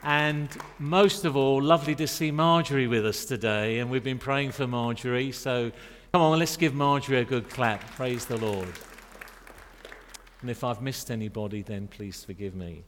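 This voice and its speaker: A man's voice: medium pitch, moderate pace, fairly bright tone, some chatter behind, slight background noise. A middle-aged man preaching in a church, chatty and joking with the congregation between points. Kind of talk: sermon. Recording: long reverb of a church hall.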